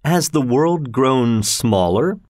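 A man voicing an excitable Victorian gentleman who throws out loud, challenging wagers. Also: medium pitch, slow pace, dry recording, studio quality, voice pushed up. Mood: doubtful.

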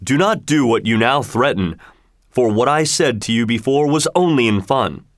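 A man voicing a crafty trapped genie who pleads and bargains in a read-aloud folk tale, coaxing and smooth-talking. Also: mid-range voice, lively intonation, moderate pace, no echo, clean studio sound, close to an everyday voice. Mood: wheedling. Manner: wheedling, coaxing.

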